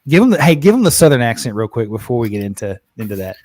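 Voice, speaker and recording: A man hosting a live podcast, chatting casually and excitedly, often repeating words as he goes. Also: medium pitch, very fast, noisy background. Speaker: podcast host. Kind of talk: casual live-stream chat.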